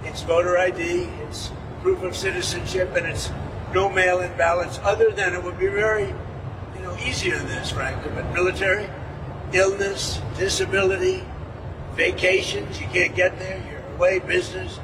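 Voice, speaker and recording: A man's voice: high voice, steady tone, moderate pace. A man making rambling, repetitive off-the-cuff remarks as a politician. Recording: distant mic with vehicle noise.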